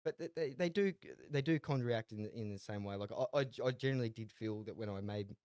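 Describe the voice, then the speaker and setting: A man's voice: on the low side, fairly quick, a little mellow, clear, resonant tone, no room sound. Laid-back young Australian man telling yarns. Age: 20s. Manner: laid-back, rambling, laughs often, repeats words. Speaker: guest, jockey and horse trainer. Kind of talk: casual interview storytelling.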